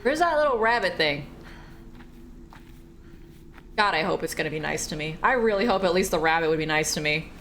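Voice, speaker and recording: A woman's voice: fairly low pitch, animated, quick pace, a bit bright, a little hiss or hum. A woman streaming a horror game, chatting casually, joking and swearing freely as she plays. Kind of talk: casual gaming commentary.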